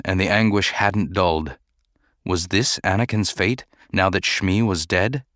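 A man reads a novel aloud in a steady, even storytelling manner. His voice sits low. The recording is close and dry, with no room sound. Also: unhurried, no room sound. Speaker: audiobook narrator. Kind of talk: scripted narration.

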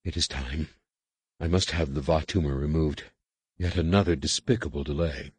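A stern alien overseer woman, voiced by a man reading a sci-fi audiobook gives brusque, clipped orders in a very deep, husky voice. The sound is dry and close. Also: moderate pace, no room sound, full character voice. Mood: cold. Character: stern alien female master scientist, cold, commanding.

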